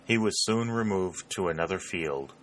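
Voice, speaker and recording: A man narrates an audiobook in a deep, measured voice. His tone is bright and clear, with a faint hiss underneath. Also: lively intonation.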